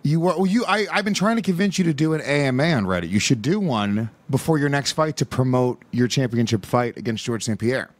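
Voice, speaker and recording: A man's voice: medium pitch, brisk, hardly any pauses, no echo. A man co-hosting a podcast, joking sarcastically in casual chat. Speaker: podcast co-host.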